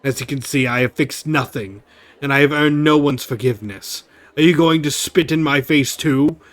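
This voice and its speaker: A man's voice: on the high side, moderate pace, lightly acted. A man reading aloud as a gloomy, guilt-ridden disgraced male crusader in a video game, in a weary, heavy tone. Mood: morose.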